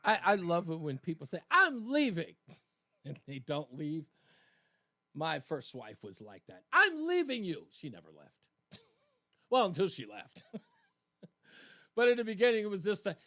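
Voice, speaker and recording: A man's voice: on the high side, normal speed, long pauses, no echo, studio quality. A man hosting a talk radio show, telling stories casually and laughing often. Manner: laughs often, animated storytelling. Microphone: studio microphone.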